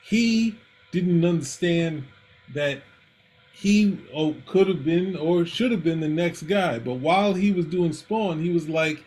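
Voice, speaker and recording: A man's voice: fairly high pitch, slow pace, darkish tone, rough recording. A man co-hosting a comics talk show, rambling with frequent restarts and acting out quotes in casual chat. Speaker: comics podcast co-host.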